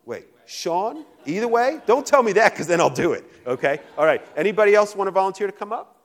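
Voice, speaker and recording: A man's voice: high voice, big pitch swings. A middle-aged man from Virginia, a literature professor who jokes and teases while picking volunteers from an audience. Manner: fast, joking, teasing. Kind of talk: lively classroom talk to an audience.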